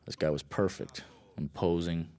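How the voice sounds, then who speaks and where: A man's voice: deep voice, fairly even intonation, normal speed, darkish tone. A man, a film director, giving loose, rambling commentary on his own film, full of fillers and blunt asides. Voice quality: rambling, lots of fillers, laid-back and blunt.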